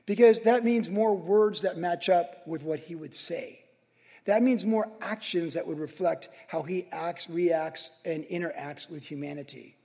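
High-voiced man preaching in reverberant church. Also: measured pace, gravelly. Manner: energetic, casual preaching with slang. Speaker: pastor. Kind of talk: sermon. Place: church sanctuary with congregation.

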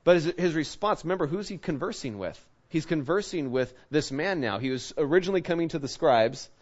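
A man's voice: on the high side, lively intonation, brisk, highs cut off. A male pastor giving a conversational Bible-teaching sermon, asking his listeners rhetorical questions.

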